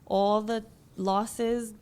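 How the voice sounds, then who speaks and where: A woman guest telling an emotional personal story, acting out what people said with lively quoted voices. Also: drawn-out words, smooth. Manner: animated, acts out quotes in a higher voice.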